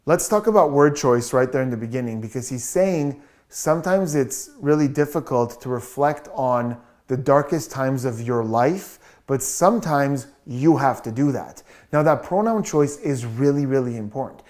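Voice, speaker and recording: A body language analyst giving a measured, explanatory video commentary as the regular host. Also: mid-range voice, warm tone. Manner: explanatory, measured, repeats "just a little bit".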